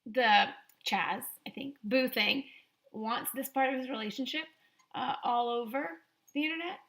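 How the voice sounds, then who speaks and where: A woman's voice: high voice, a little slow, fairly bright tone. A woman hosting a reaction video, making sarcastic, incredulous asides in casual commentary.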